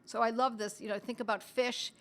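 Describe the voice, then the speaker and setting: A middle-aged woman teaching on a live stream in a chatty way, talking straight to her viewers and reading their comments aloud, with the odd cough and throat clearing. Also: a little high, fairly even intonation, a little fast, fairly bright tone. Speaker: homeopathy educator hosting a live stream.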